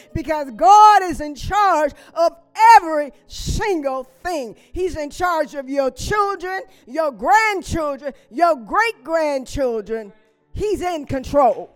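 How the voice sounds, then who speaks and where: A woman preaching a sermon with emphatic repetition, stressing key words and adding frequent amens and hallelujahs. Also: high voice.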